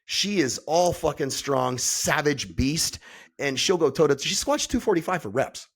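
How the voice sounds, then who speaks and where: A man who is a podcast guest, telling stories in a blunt, profane, animated way. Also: on the high side, measured pace, breathy edge. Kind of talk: casual conversation.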